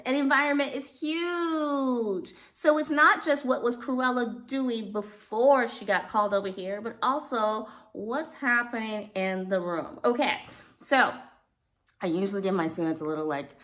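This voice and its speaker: A woman acting teacher explaining a scene, animated and acting out little examples as she talks. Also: on the high side, measured pace. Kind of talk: instructional video.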